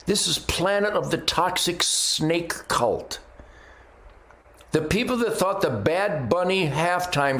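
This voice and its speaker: A man's voice: a little high, a bit bright. Brash, combative ranting man. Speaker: commentary segment host. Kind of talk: ranting opinion monologue. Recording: roomy echo.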